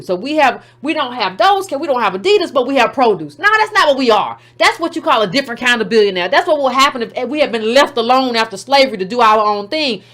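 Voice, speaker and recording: A woman host gives heated commentary on her call-in show. Her voice sits high and her tone is sharp and sarcastic. She drives each point hard.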